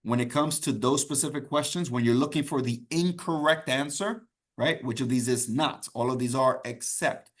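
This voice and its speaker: A man's voice: mid-range voice, normal speed. A man teaching an exam prep class in a conversational, encouraging way, repeating key points and checking in with "okay?". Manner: repetitive, keeps checking in with "okay?". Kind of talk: live online class teaching.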